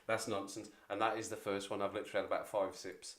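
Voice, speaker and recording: A man's voice: lowish voice, little pitch movement, quick pace, noisy background. A man in his forties hosting a casual livestream chat, rambling and self-deprecating as he talks to viewers. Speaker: livestream host.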